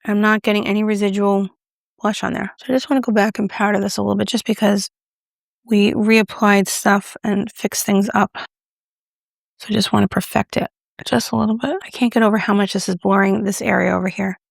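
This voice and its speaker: A woman's voice: mid-range voice, little pitch movement, brisk, gravelly, dry recording, studio quality. A woman chatting casually to camera while doing her makeup, talking through a product review with a self-mocking, playful manner. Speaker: beauty vlogger.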